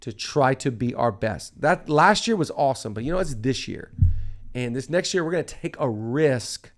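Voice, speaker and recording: A man's voice: medium pitch, animated, moderate pace. A middle-aged man hosting a leadership podcast, talking in an emphatic, preacher-like way and repeating phrases for stress. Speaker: pastor and podcast host.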